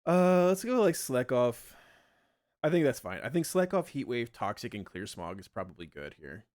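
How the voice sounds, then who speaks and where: A man's voice: mid-range voice, sing-song, moderate pace, a little mellow, no echo, studio quality. Rambling man streaming a game. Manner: thinks aloud, rambling with many fillers. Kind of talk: casual live-stream chat while gaming.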